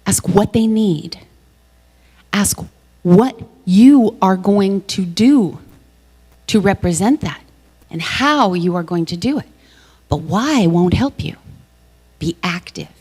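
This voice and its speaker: A woman gives a sermon in the form of personal stories. She talks in an animated, self-mocking way and laughs often. Her voice carries with the long reverb of a large hall. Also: on the low side, unhurried, pauses often, slightly rough. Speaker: guest speaker at a church service. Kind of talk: storytelling sermon.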